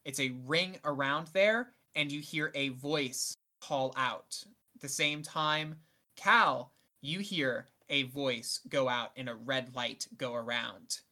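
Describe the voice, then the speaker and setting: A game master narrates a tabletop role-play in a rambling, casual way. The narration is full of "like"s. The voice is bright and clear. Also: mid-range voice, takes it slowly. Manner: rambling, filler-heavy narration.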